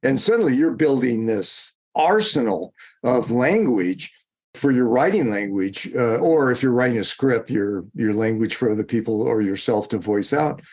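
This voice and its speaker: A man guesting in a casual interview rambles and digresses, often restarting and correcting himself mid-sentence. His mid-range voice is animated and somewhat dark in tone, at a normal speed.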